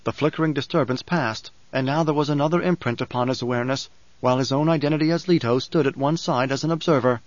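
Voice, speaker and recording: A man narrating an audiobook in a measured, even storytelling manner. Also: mid-range voice, dry recording. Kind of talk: scripted narration. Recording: dry, slightly dull studio recording.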